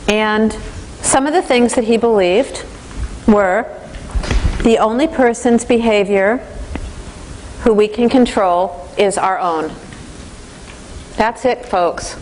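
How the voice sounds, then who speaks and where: A woman instructor giving a lively, conversational lecture in a classroom, speaking straight to the class. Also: medium pitch, takes it slowly, long pauses, a little hiss or hum, low-quality recording.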